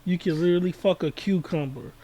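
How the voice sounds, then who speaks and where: A man's voice: high-pitched, fast talker, dark tone. A man co-hosting a podcast, chiming in with dry, crude one-liners in casual banter. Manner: dry one-line quips between the other host's story. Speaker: podcast co-host.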